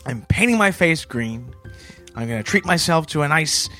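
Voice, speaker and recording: A man co-hosting a comedy podcast in earnest, mild banter with a quick chuckle. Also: fairly high pitch, lively intonation, sharp tone, faint music behind. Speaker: podcast co-host.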